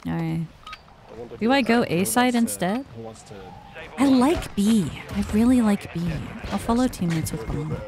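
A young woman streaming a shooter game, chatting casually with viewers, excitable and swearing often. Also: mid-range voice, a little slow, crowd noise. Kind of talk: casual gaming stream chat. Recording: noisy background hiss.

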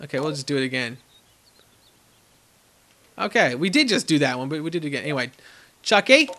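A young man giving casual commentary over a zoo-building game, chatting to the animals on screen with sudden excited outbursts. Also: on the high side, a little fast, a little hiss or hum. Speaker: gaming channel host.

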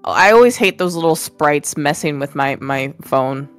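A woman artist chatting casually on a stream, relaxed, laughing easily and trailing off mid-sentence. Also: low voice, moderate pace, faint music behind. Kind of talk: casual chat.

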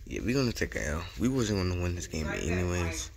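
A young man giving casual commentary over his football video game, slangy and excitable, repeating chants and getting hyped on big plays. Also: low-pitched, fairly quick, vocal fry, hardly any pauses, a crowd in the background. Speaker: gaming YouTuber. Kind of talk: gameplay commentary.

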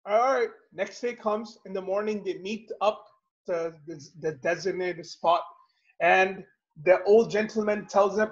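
High-voiced man teaching over a call. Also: normal speed, highs cut off. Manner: animated storytelling, rhetorical questions. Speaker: halaqa speaker and host. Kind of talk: religious lesson over video call. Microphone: video call.

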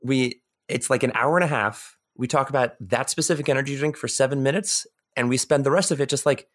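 Guy on a podcast, rambly, keeps restarting his sentences, mid-pitched voice. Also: fairly quick, a bit bright. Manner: rambling, frequent restarts and repeated words. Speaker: podcast guest. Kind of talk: casual interview chat.

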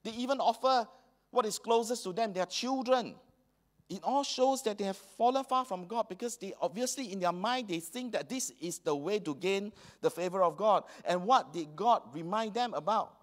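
A man's voice: high-pitched, moderate pace. A man with a Singaporean English accent preaching a sermon in a church hall, slipping colloquial local phrases into his talk. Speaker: pastor.

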